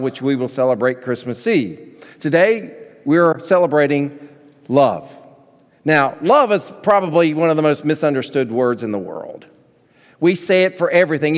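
A pastor preaching a sermon to his congregation, animated and leading them in reading together. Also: a little high. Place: church sanctuary. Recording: long reverb of a church hall.

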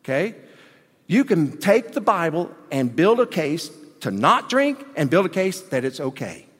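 Animated preacher man in a hall. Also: measured pace, breathy edge. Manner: animated preaching, swinging between loud emphasis and low asides. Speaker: pastor. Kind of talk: sermon. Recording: long hall reverb.

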